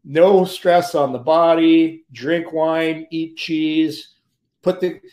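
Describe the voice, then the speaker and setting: A man, a former pro hockey player, telling lively anecdotes as a podcast guest and often laughing mid-story. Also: on the high side, takes it slowly. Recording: roomy echo.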